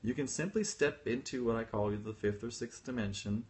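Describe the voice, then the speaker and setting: A man's voice: mid-range voice, normal speed, darkish tone. A man hosting a casual livestream talk as a spiritual teacher, chatty and self-deprecating, laughing often as he tells stories. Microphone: phone livestream.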